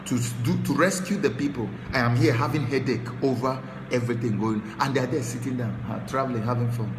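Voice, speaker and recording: A Nigerian man hosting a talk show, giving impassioned political commentary that swings from low muttering to shouted tirades. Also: fast, echoey room, in a large hall, over music. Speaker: show host.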